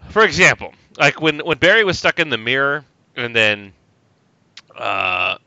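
A man co-hosting a casual chat, ranting and swearing with animated laughs, on a dry, slightly dull recording. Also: medium pitch, unhurried, gravelly, no room sound.

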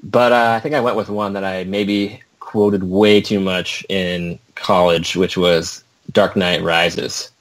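A man's voice: low-pitched, fairly even intonation, slow pace, hardly any pauses. A young adult man chatting casually, rambling and self-mocking. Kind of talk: casual chat.

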